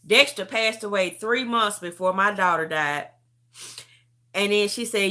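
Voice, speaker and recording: A woman's voice: mid-range voice, a little slow, sharp tone. A middle-aged woman livestreaming from her phone, talking heartfelt and repetitive about her faith and family straight to her viewers. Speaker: livestream host. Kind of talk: emotional testimony chat.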